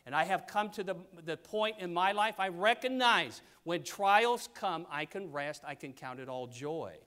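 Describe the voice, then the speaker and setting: An older man preaching a sermon, reading scripture and pressing his points with sudden loud stresses. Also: sits high, lively intonation, a little slow, clean tone. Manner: emphatic, pulpit cadence with sudden loud stresses.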